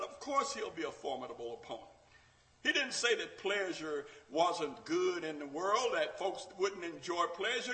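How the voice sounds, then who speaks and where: Male preacher, high and very lively voice, dramatic delivery that swings from shouts to hushed lines. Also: poor audio. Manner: dramatic, acts out quotes, rises to shouts and drops low. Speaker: Bible class preacher. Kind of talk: sermon.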